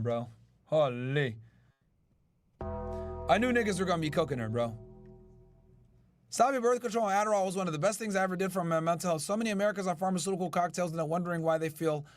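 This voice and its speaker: Man, podcast host, high voice, dry close sound, brash, swears a lot, talks to chat. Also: no room sound. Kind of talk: casual chat reacting to news.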